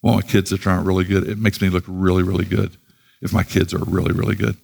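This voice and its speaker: A man preaching voices a self-centered man making demands of Jesus, low and self-absorbed. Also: little pitch movement, fast talker, gravelly, a little mellow, husky, exaggerated voice. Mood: demanding. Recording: long reverb of a large hall.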